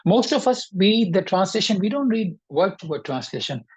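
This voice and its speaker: A woman teaching an online Arabic grammar lesson, explaining patiently, checking in with her students and pausing often with fillers. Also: mid-range voice, lively intonation, husky. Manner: hesitant, with frequent fillers and restarts.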